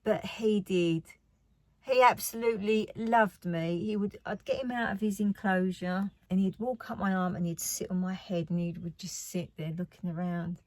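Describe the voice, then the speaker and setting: A woman's voice: mid-range voice, steady tone, normal speed, a little mellow, dry recording. A woman chatting casually about her craft haul. She rambles and often drops to a near whisper. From United Kingdom. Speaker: craft vlogger.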